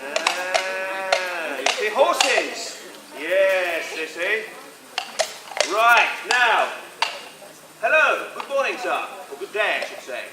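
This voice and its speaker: A man's voice: high voice, sing-song, slow, pauses often. A man performing live comedy, coaxing audience volunteers on stage in a playful, theatrical manner. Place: large indoor sports hall with a live audience. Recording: echoey hall, crowd and noise behind.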